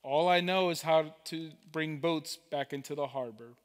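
A man voicing a steady, rusty old tugboat, speaking calmly and reassuringly. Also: fairly high pitch, measured pace, big-room sound, lightly acted.

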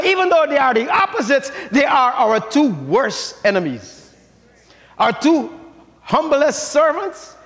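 An older man preaching a sermon as pastor, with shouted, rising emphasis and call-and-response to the congregation. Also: very high-pitched, very animated, a little slow. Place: church sanctuary. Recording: church sanctuary with long reverb.

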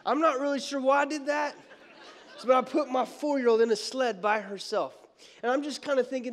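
A man preaching a sermon as pastor, telling a story in an animated, joking way. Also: very high-pitched, fairly quick, some chatter behind. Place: church sanctuary. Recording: long church hall reverb.

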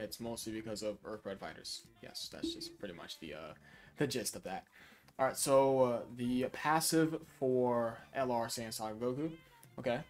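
A young man casually reviewing a mobile game card, talking in a tired, low-energy way with fillers and self-corrections. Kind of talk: casual commentary.

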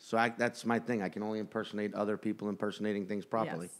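A man's voice: fairly low pitch, fairly even intonation, racing. A man co-hosting a podcast in casual chat, rambling and self-mocking as he talks. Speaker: podcast co-host.

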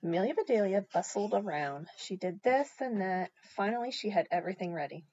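A woman reading a children's storybook aloud, animated, with chatty asides to the listener. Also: mid-range voice, brisk, lo-fi sound. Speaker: storybook reader.

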